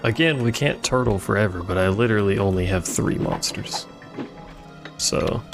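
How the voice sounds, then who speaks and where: A man's voice: lowish voice, moderate pace, vocal fry, music in the background. A man streaming a video game, chatting casually with rambling, playful asides. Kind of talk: casual gameplay commentary.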